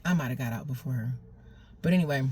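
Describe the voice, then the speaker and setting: Woman telling her own story, lively and chatty, laughs a lot, repeats herself. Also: a bass voice, fast, breathy edge. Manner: animated, laughs often, repeats phrases. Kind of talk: casual personal storytelling.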